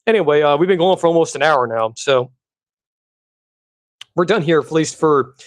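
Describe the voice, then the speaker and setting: Fired-up high-voiced man ranting. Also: normal speed, no echo. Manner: angry, profane, repeats himself. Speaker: podcast host. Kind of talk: heated solo podcast rant.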